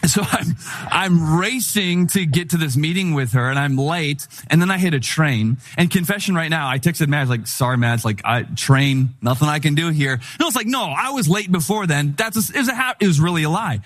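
A middle-aged man preaching a sermon in a conversational, humorous style, telling animated stories. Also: on the high side, a little fast. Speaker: pastor.

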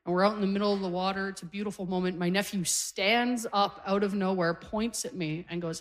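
A Canadian-born stand-up comedian in her forties performs a set on a comedy stage before a live audience. Her medium-pitched voice stays steady and fairly quick, with hardly any pauses, as she tells conversational, self-deprecating stories.

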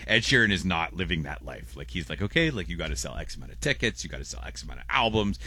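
A man's voice: low-pitched, big pitch swings, quick pace, pushed and bright, slightly rough. A man co-hosting a casual morning radio show, reading out listener messages and rambling with restarts and laughs. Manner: rambling, self-interrupting, laughs often.

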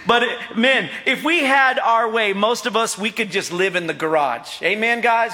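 A middle-aged male pastor preaches with a high, bright, ringing voice. He jokes, tells stories and keeps asking the church to answer back. His voice carries a long reverb through the church hall. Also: expressive, normal speed. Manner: jokey, storytelling, asks the congregation for responses. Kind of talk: sermon.

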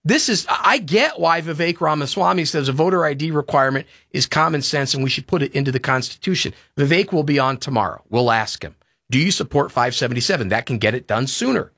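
A man's voice: on the high side, lively intonation, fairly quick, sharp tone, no echo, clean studio sound. A man hosting a talk radio show, ranting and pleading in a heated, impassioned way.

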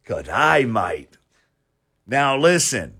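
A man's voice: medium pitch, big pitch swings, very slow, sharp tone, husky, no echo, clean studio sound. A man hosting a talk show, chatting casually in a rambling way with many restarts and chuckles. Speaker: show host.

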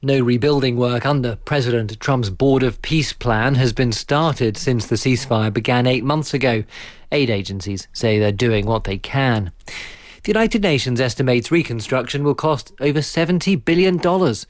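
A man narrating a scripted news report in a measured, even way. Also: medium pitch, no room sound, clean studio sound.

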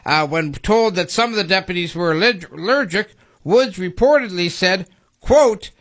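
High bright man reading news stories. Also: lively intonation, normal speed. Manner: reads stories aloud with dry quips and laughs. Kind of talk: casual news chat.

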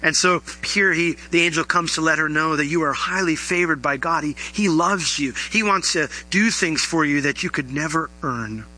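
A middle-aged man preaching a sermon, animated and rising into emphatic questions to his listeners. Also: fairly high pitch, poor audio. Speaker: pastor.

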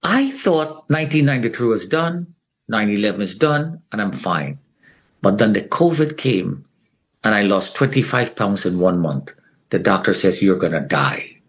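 Husky low-voiced man, middle-aged interview guest, dramatic storyteller, muffled recording. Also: very animated, normal speed. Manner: dramatic, acts out the voices of others in his story. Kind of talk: personal testimony storytelling.

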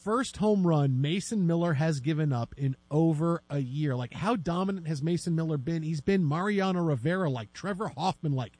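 Animated man telling a story. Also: fairly high pitch, moderate pace, hardly any pauses, no room sound. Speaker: sports podcast host. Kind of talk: casual chat.

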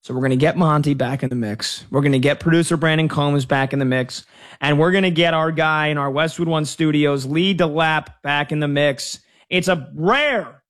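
A man hosting a sports talk show, bantering energetically about games and trivia with his crew. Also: fairly high pitch. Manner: energetic, animated, jokey. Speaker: sports radio host.

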